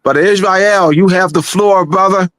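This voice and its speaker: Slow halting male livestream host. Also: high-pitched, no echo. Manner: halting, restarts often, animated. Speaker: show host. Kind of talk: casual livestream hosting.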